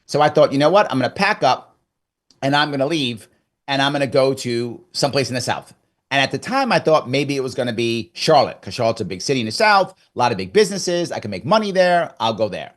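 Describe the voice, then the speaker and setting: A man's voice: mid-range voice, a little fast. Middle-aged guy from new york, chatty guest, acts out what he was thinking, gets worked up. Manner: animated storyteller, mimics his own past thoughts. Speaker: guest, former governor candidate. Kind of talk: casual interview chat.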